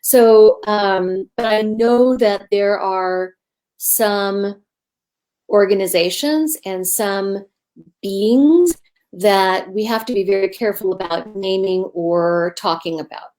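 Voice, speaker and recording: A woman talking as a guest on an interview show, spinning a story in a chatty, meandering way. Her pitch sits in an ordinary middle range, and she keeps stopping and restarting with small fillers as she goes. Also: slow. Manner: rambling, animated retelling with fillers. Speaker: guest medium.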